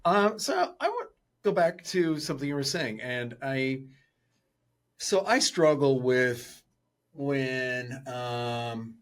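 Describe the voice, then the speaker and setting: A man's voice: mid-range voice, sing-song, slow. A man co-hosting a podcast interview, talking casually and animatedly, acting out his own reactions in quotes. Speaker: podcast co-host.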